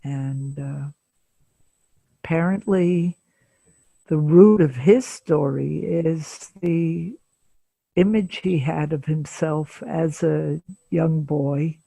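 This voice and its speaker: A woman in her seventies, a psychotherapist, telling a case story slowly and deliberately in an interview, with frequent pauses. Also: low voice, creaky, dark tone, breathy edge, no room sound. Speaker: psychotherapist guest.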